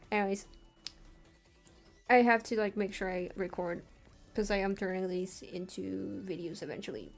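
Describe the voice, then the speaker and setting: A woman casually chatting on a live stream from her bedroom, cursing and making quick asides while reading a game aloud. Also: medium pitch, creaky. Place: home bedroom.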